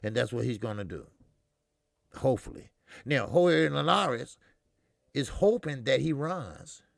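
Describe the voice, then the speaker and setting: A man's voice: medium pitch, lively intonation, unhurried, vocal fry, no room sound, clean studio sound. A middle-aged man hosting a casual boxing live stream, talking loosely with lots of swearing and fillers, answering viewers in the chat.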